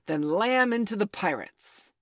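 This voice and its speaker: A woman's voice: fairly low pitch, lively intonation, very slow, bright, forceful tone, dry recording, studio quality, exaggerated voice. Woman playing Peter Pan, a cocky boy. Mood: proud. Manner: blithe, teasing. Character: cocky, playful boy hero.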